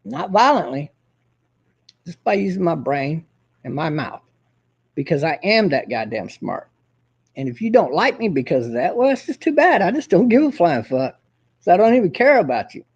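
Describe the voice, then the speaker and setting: Husky, animated man ranting profanely. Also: on the high side, normal speed, muffled recording. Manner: profane, combative, boastful. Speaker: host. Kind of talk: casual ranting monologue.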